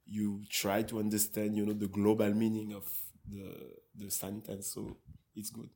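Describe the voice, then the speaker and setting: A man's voice: on the low side, monotone, moderate pace, dark tone. A man with a French accent and native French, a podcast guest who laughs often and restarts while searching for English words. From Caribbean island. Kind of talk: casual conversation in a second language.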